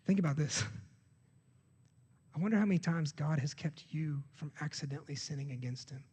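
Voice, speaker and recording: A man's voice: on the high side, a little fast, mellow, breathy edge. A man, preaching a sermon as pastor in an earnest, conversational way with self-corrections. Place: church sanctuary. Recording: long hall reverb of a church.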